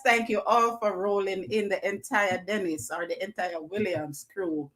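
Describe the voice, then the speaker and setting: A Jamaican woman hosts a live stream, calling out viewers' names as they join. She speaks with an effusive, repeating way of talking, at a middle pitch for a woman. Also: fairly even intonation, normal speed, few pauses, fairly bright tone. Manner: effusive, greets viewers by name, repeats phrases. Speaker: livestream host.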